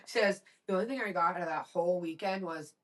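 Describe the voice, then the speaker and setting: A woman's voice: lowish voice, fast talker. Blunt, foul-mouthed woman telling a story. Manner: blunt, swears freely, acts out quotes. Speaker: podcast co-host. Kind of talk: casual storytelling chat. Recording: voice a bit distant from mic.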